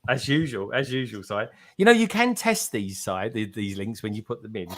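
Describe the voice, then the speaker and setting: A man's voice: lowish voice, wildly swooping pitch, moderate pace. A man co-hosting a casual livestream, teasing and joking with the host. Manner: teasing, jokey, playful.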